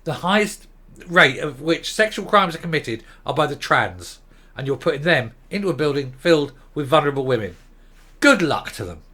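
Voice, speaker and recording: A middle-aged English man delivers a sarcastic, exasperated rant. His voice sits a little high and comes out sharp and forceful. He trips over his words and restarts as his frustration builds. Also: sing-song, normal speed. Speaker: commentary vlogger. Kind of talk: opinion rant.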